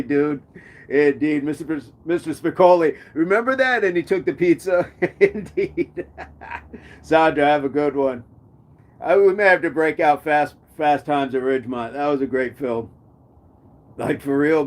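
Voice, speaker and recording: A man's voice: on the high side, unhurried. A man hosting a casual live chat, reading viewers' comments aloud and joking about them. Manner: jokey, reads comments aloud and riffs on them.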